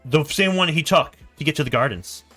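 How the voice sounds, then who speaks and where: A man narrating a story in a board game on a stream, laughing and animated. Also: fairly high pitch, a little fast, faint music behind.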